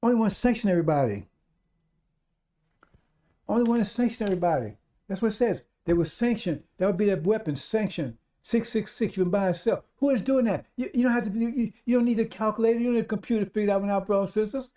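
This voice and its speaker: A man's voice: high voice, fast talker, mellow. A man preaching a radio sermon, emphatic and repetitive, speaking straight to his listeners.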